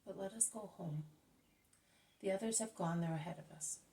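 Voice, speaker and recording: A woman's voice: fairly low pitch, creaky, warm tone. A woman reading a grave, patient male teacher. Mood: earnest. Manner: measured, earnest and instructive. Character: calm grave adult male teacher, patient but stern. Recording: voice slightly distant from mic.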